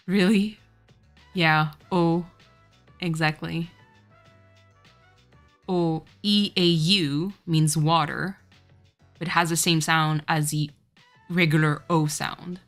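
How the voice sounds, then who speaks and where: This streamer, French-speaking from birth and raised in France, talks with her viewers in a relaxed way during gameplay and laughs often. Her voice sits low with fairly even intonation, and she speaks slowly, pausing often. Faint game music plays behind her.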